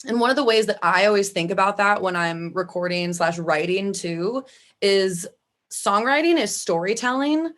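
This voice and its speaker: A woman's voice: medium pitch, expressive, moderate pace, a bit bright. Midwestern woman singer chatting casually, lots of likes, laughs easy. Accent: Midwestern American. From Midwest US, Chicago area. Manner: chatty, frequent "like" fillers, laughs easily. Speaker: vocalist guest. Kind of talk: casual interview chat.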